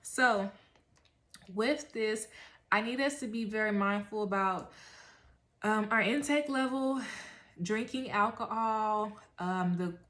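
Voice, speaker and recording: A woman's voice: mid-range voice, takes it slowly, pauses often, fairly bright tone. A woman astrologer giving a casual spiritual reading, slangy and emphatic, repeating her phrases and encouraging her listeners. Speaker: astrologer and tarot reader.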